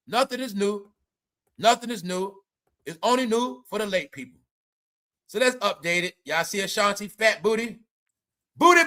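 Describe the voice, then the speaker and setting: A man hosting a livestream, talking loudly in rambling, profane commentary, often saying "y'all". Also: high voice. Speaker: livestream host. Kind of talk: profane stream-of-talk commentary.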